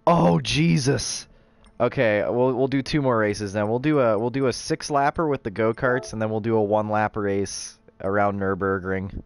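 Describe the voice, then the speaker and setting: A man streaming a racing game, chatting casually with viewers and bursting into excited race calls. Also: lowish voice, normal speed, clear, resonant tone. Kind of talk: casual livestream chat with race commentary. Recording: game sound in the background.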